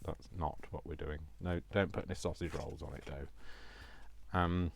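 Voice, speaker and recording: A man with a deep, low-pitched voice hosts a casual crafting video. He rambles cheerfully and pokes fun at himself. He keeps breaking off to talk to himself as he works at his table. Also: slow pace, vocal fry, a bit bright, dry recording. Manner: rambling, self-mocking, talks to himself. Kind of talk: casual crafting chat while working.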